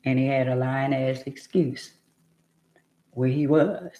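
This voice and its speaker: A woman's voice: extremely low pitch, fairly even intonation, slow, dark tone, roomy sound, dull audio. A woman telling her own life story to her viewers in an emphatic, rambling, casual way.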